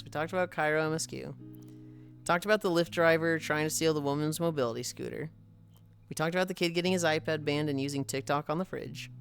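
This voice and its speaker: A woman's voice: sits low, creaky. A woman streamer chatting casually with viewers, swearing freely and laughing often.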